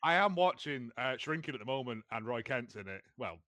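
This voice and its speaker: A man's voice: medium pitch, expressive, brisk, pushed and bright, no room sound. A man co-hosting a podcast, joking in wry asides. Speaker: podcast co-host. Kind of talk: casual chat.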